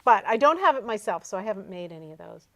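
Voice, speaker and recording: A woman from Vermont talks in an easygoing, chatty way. She fills her sentences with small pauses and restarts. Her voice sits at a middle pitch and is recorded dry and close. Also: big pitch swings, a bit bright, dry recording. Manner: chatty, many fillers and restarts. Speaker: bookstore guest showing cookbooks. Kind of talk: casual chat. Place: local community TV studio.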